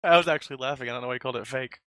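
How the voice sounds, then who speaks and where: Man, podcast co-host, fast pace, bright tense tone, dry mic, upbeat stories. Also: mid-range voice, dry recording. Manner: upbeat, quick storytelling. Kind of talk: casual podcast chat.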